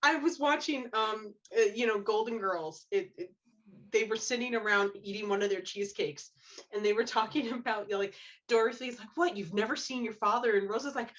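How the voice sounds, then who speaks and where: A fairly high-voiced woman tells stories with real animation and acts out every line she quotes. She talks casually as a guest on a romance authors' podcast panel. Her audio is dull and lo-fi. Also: fairly quick, fairly bright tone.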